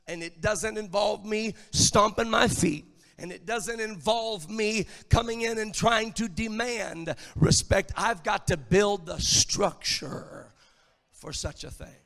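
A man preaching a sermon, emphatic and rising to shouted lines. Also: sits high, gravelly, in a large hall. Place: church.

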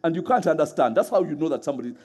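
A middle-aged man preaching a sermon in a lively way, laughing often and acting out voices as he tells stories. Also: fairly high pitch, very fast.

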